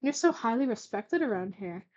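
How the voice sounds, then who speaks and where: A woman reading out the lines of a gentle, caring teenage girl from her fanfic, with small stumbles. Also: on the high side, lively intonation, moderate pace, muffled recording, natural voice. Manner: read aloud with stumbles and restarts.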